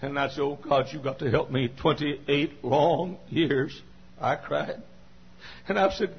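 An older male pastor, telling a personal testimony in a folksy, repetitive sermon style that builds to shouting climaxes. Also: a little high, expressive, slow pace, vocal fry, lo-fi sound.

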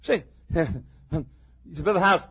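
An older man preaching a sermon, emphatic, with stammered restarts and shouted peaks. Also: sits high, a little slow, creaky, husky, dull audio.

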